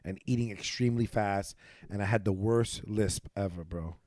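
A man's voice: fairly low pitch, moderate pace, darkish tone, no echo, studio quality. A young man hosting a podcast, bantering casually and calling his guest "bro". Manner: loose slangy banter, lots of "bro" and "yo". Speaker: podcast host. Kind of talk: casual chat.

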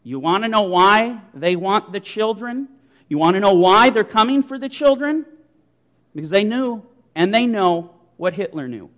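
Forceful high-voiced male preacher. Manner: forceful, emphatic preaching with rhetorical questions. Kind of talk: sermon.

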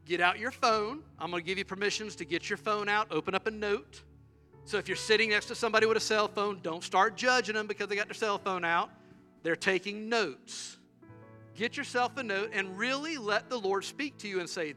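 Pastor guy, high ringing voice, jokey storytelling sermon. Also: moderate pace, soft background music. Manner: animated, humorous storytelling with acted-out quotes.

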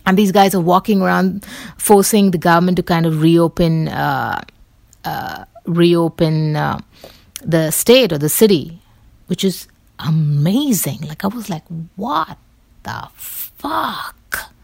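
Low, gravelly woman talking casually. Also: unhurried, a little mellow, no echo. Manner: loose and chatty, many fillers, occasional swearing. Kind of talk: casual rambling monologue.

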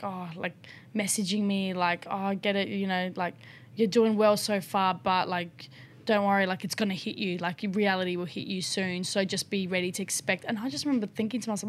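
A young woman chats openly as a guest on a podcast. She talks in a frank, unguarded way, full of fillers and the occasional swear word, at a medium pitch. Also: a little hiss or hum. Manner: frank and chatty, swears casually, many fillers. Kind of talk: casual chat.

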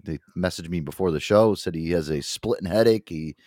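A man's voice: low-pitched, fairly quick, no echo, clean studio sound. A male podcast host from an Italian-American family, chatting casually and swearing often. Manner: crude, animated, swears often. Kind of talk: casual chat.

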